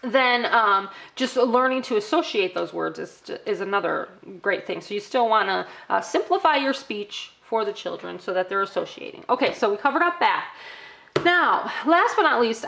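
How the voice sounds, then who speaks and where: A woman's voice: mid-range voice, expressive, normal speed, creaky, a bit bright. A middle-aged woman teaching parents a toddler activity, often breaking into exaggerated sing-song child-directed talk. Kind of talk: instructional demo for parents.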